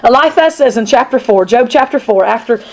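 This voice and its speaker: A woman teaching a women's Sunday school lesson, talking in an animated, conversational way to her class. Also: fairly high pitch, fairly quick. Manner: animated and conversational, acting out Bible speakers. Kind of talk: women's Bible study lesson. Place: church classroom with a group.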